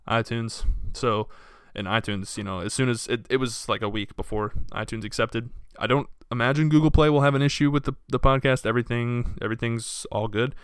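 A young podcast host talks alone on his show in a smooth, mid-range voice, recorded dry and at studio quality. His storytelling is casual and profane, and he acts out anyone he quotes with lively voices.

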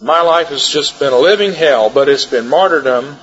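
A man's voice: a little high, moderate pace, fairly bright tone, lightly acted. A man voicing a weary aged patriarch who looks back on a hard life in plain first-person words. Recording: dull sound, long hall reverb.

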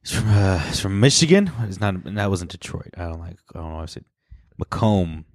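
A man's voice: normal speed, no room sound, clean studio sound. A man co-hosting a podcast in casual, jokey chat, laughing often. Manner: laughs often, jokey, animated swoops up in pitch. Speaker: podcast co-host.

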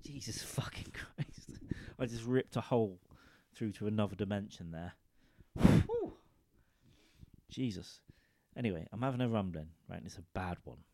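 Speaking into a studio microphone, a man tells a crude, rambling comic story and keeps checking in with his listeners. His voice is fairly low and mellow, at normal speed, with no room sound.

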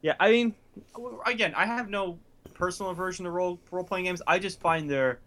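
A man in casual chat who is animated, laughs a lot, and acts out the voices in his anecdotes. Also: sits high, a little fast.

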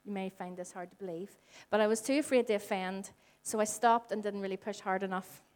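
With a medium-pitched voice and a fairly quick pace, a female church speaker addresses her congregation in a church hall. She's in her forties, from Northern Ireland, and her sermon is conversational, full of animated stories in which she acts out each quoted line.

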